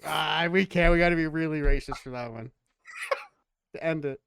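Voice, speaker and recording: A man's voice: on the high side, normal speed, vocal fry, a bit bright, smooth, no room sound. A man hosting a podcast, bantering casually with jokes and a lot of swearing. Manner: joking, profane banter. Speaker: podcast host.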